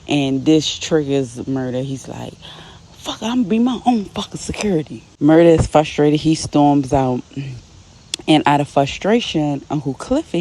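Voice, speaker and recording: A woman casually recapping a TV episode, retelling scenes with quick quoted dialogue and her own side comments. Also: deep voice, vocal fry, mellow.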